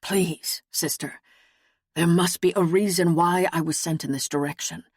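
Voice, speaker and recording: A man's voice: a little high, steady tone, a little slow, breathy edge, no room sound, clean studio sound. A woman narrator voicing an earnest male knight who is searching for his lost wife, speaking in a grave, formal, pleading way. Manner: grave, pleading, formal old-fashioned speech.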